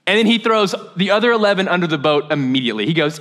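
A man preaching a sermon as a pastor, telling a story in a casual, animated way and laughing at his own jokes. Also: high-pitched, a little fast.

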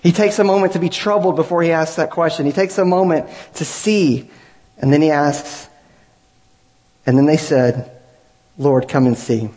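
A man's voice: a little high, fairly even intonation, moderate pace, long pauses, a little mellow, breathy edge. Earnest male pastor in a reverberant hall. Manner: earnest, builds to raised emphatic peaks. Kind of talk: sermon.

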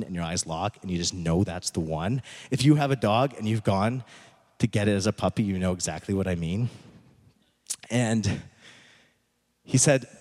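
Man preaching with dramatic, hushed pauses. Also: on the low side. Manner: dramatic storytelling, slow emphatic pauses, drops to near whisper. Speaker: pastor. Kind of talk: sermon. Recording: echoey hall.

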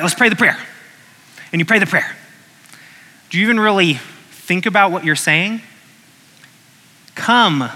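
A man's voice: on the high side, sharp tone, in a large hall. A man preaching a sermon in a conversational way, reading scripture and acting out short voices.

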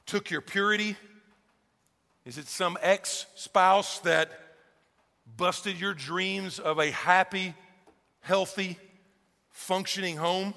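A male pastor delivers a sermon in a high, bright voice with a gravelly edge. He keeps it conversational, asking the congregation question after question. A long reverb hangs on every phrase in the church.

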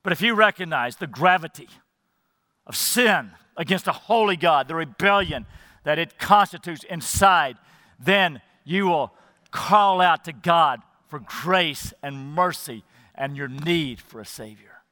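A man's voice: fairly high pitch, expressive, a little slow, sharp tone, no echo, big-room sound. A male pastor preaching a sermon emphatically, appealing directly to the congregation.

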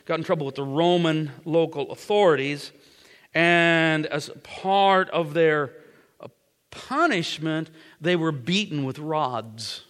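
Male preacher, dramatic sermon storytelling, high bright voice, repeats phrases, echoey hall. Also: takes it slowly, clean tone. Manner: dramatic, repeats phrases, swings from whispers to loud.

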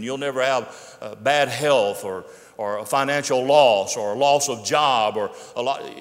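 A man's voice: medium pitch, a bit bright. Preaching man in a reverberant hall. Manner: preacherly, rising emphasis and slow repeated key phrases. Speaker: pastor. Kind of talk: sermon.

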